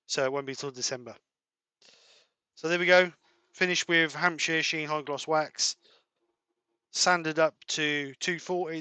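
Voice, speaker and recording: A man's voice: a little high, smooth, dry recording. A man hosting a live woodturning stream from his workshop, chatting casually and talking through his work as he goes. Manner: relaxed, practical, mutters while working. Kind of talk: casual live-stream chat while demonstrating. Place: home workshop.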